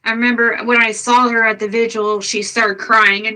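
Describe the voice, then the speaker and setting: A woman's voice: a little high, steady tone, moderate pace, hardly any pauses, pushed and bright, low-quality recording. An older woman chatting casually on a livestream, blunt and exasperated, swearing freely as she vents. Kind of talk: casual chat.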